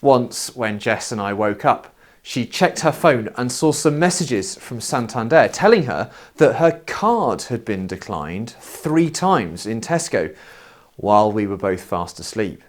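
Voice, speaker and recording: A man delivers a sermon at an unhurried pace, his voice rising and falling in a lively way. He tells stories with a wry, expressive touch, his pitch sitting mid-range for a man. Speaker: preacher. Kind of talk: sermon with personal storytelling.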